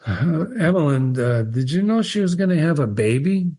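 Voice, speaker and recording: A man voicing a small-town doctor who speaks softly and reassuringly. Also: fairly high pitch, animated, moderate pace. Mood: gentle.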